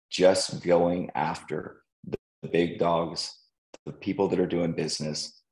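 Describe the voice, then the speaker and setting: A man who coaches loan officers, giving an energetic motivational sales talk and acting out quotes. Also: low voice, low-quality recording. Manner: energetic, acts out quoted voices.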